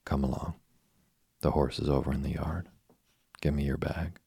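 A man's voice: a bass voice, steady tone, normal speed, vocal fry, warm tone, breathy edge, no room sound, full character voice. A man voicing a shy, awkward older farmer in a storybook reading. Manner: shy, few words.

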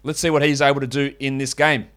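An Australian man talking through a solo podcast in a loose, chatty way. He is blunt and opinionated and swears casually, and his voice sits at an ordinary middle pitch. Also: little pitch movement, quick pace, a bit bright. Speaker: fantasy basketball podcast host.

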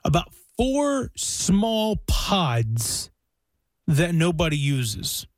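Chatty talk-radio man, slightly high voice. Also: very animated, drawn-out words, no echo, studio quality. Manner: chatty, rambling with restarts. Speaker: radio show co-host. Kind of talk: casual radio banter. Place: radio studio. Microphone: studio microphone.

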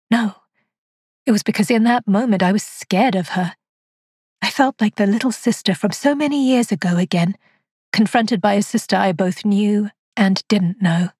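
A frail, frightened old spinster tells of her haunted nights, voiced by a woman reading the story. The voice is husky and hushed, recorded dry and close to the mic, in a mid-range tone. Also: mid-range voice, no echo. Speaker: narrator. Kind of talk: scripted first-person narration.

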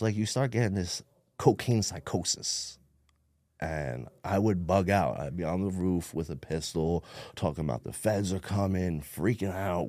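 Low voiced jersey guy telling his story, blunt, cusses a lot, dry sound. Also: a little mellow, dry recording. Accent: New Jersey. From New Jersey. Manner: streetwise, blunt, swears a lot, acts out quotes. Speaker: podcast guest. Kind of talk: casual storytelling interview.

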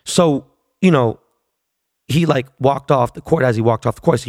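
A man's voice: medium pitch, a little fast, darkish tone, no echo, studio quality. A man in his forties telling a long, profane story in a casual, rambling way, full of fillers. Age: 40s.

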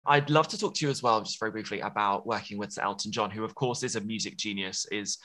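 A man's voice: lowish voice, fast talker, sharp tone. A British man hosting an interview, asking long, effusive questions. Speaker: host.

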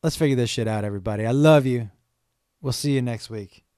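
A man's voice: mid-range voice, a little fast, dark tone, no room sound, studio quality. A middle-aged man hosting his own podcast, talking candidly and rambling, swearing freely and pleading with his listeners. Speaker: podcast host. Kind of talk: casual solo podcast talk.

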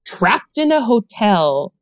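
Animated, laughing woman in her thirties. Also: medium pitch, slow, clear, resonant tone, no room sound. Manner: animated, laughing, many fillers. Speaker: podcast guest. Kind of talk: casual chat.

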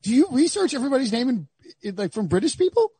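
A man co-hosting a podcast, rambling through casual banter with frequent laughs and quick asides. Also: extremely high pitch, big pitch swings, dark tone, slightly rough, dry recording. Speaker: podcast co-host.

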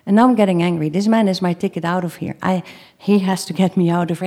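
A woman with a slightly low voice tells a personal story live on stage. She speaks in halting bursts, often repeating or restarting a phrase before going on, and voices her own past cries for help. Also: fairly even intonation. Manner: acts out her own shouted pleas.

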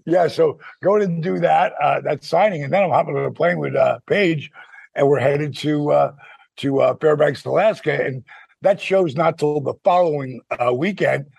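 A man in his sixties co-hosting a podcast in casual chat, animated and quick to laugh. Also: on the high side, vocal fry, breathy edge, no room sound. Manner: animated storyteller, laughs often. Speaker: podcast co-host.

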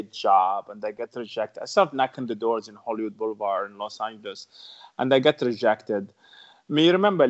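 Earnest man with an Arabic accent. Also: fairly low pitch. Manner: earnest, broken English, repeats phrases. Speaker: podcast guest. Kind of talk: interview storytelling. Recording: dull lo-fi sound.

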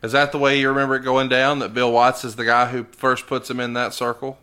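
A man's voice: medium pitch, little pitch movement, fairly quick, sharp tone, clean tone. A man hosting a podcast who reads out claims from a book and asks about them with open disbelief. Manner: incredulous questioner reading claims aloud. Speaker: podcast host and interviewer. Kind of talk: casual podcast interview.

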